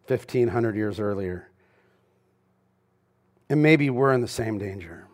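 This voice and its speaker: A man, a pastor, giving a sermon in a casual, conversational way with slang asides. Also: medium pitch. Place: church.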